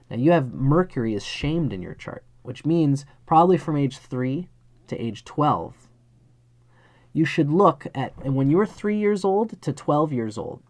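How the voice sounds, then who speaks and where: With a voice that's a little high and a little mellow, a man reads someone's astrology chart live. He's earnest, talks straight to that person, and acts out brief scenes.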